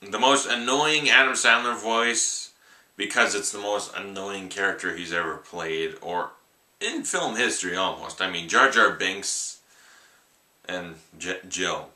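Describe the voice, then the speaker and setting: A man's voice: sits low, a little slow, pushed and bright. Young man rambling a movie review. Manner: rambling, offhand, many "like"s. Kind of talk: casual spoken film review. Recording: echoey room.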